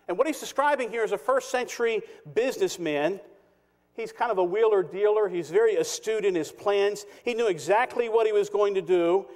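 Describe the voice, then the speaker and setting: A man with a high-pitched voice preaches from the pulpit, stressing key words and pausing for effect. His voice rings out with a long echo through the church sanctuary. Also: darkish tone. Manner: emphatic, measured preaching with dramatic pauses. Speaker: pastor. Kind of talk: sermon. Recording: long reverb of a church hall.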